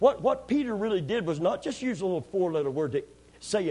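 Husky guy preaching, kinda high voice, acts out the story, loud then quiet. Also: fairly quick. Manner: animated storytelling, acting out scenes, swings from loud to hushed. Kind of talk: sermon.

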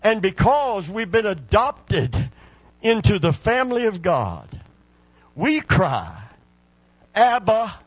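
A male preacher delivering a sermon, moving from hushed, drawn-out scripture lines to loud exhortation. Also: high voice, huge pitch swings, breathy edge, no echo.

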